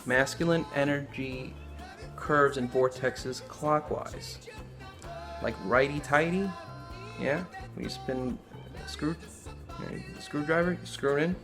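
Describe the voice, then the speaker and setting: A man giving a casual, rambling spoken lecture, talking loosely with lots of fillers. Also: mid-range voice. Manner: rambling, conversational, many fillers. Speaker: esoteric lecturer.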